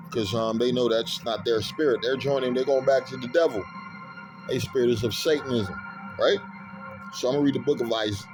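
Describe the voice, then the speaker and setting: A male preacher works through scripture in a loose, slangy way, pausing to find his verses. He reads the old passages aloud and then climbs into loud, fervent commentary, laughing as he goes. Music plays clearly beneath his voice the whole time. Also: medium pitch. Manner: casual slangy talk, unhurried while looking up verses. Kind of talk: street sermon reading scripture. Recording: music playing under the voice. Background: music bed.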